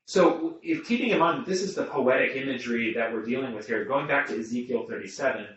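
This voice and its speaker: Leading a group Bible study, a man thinks aloud, restarts his sentences, and puts questions to those around him. His medium-pitched voice is fast and a bit bright. The recording, made in a room with a small group, is muffled and echoey with the mic far off.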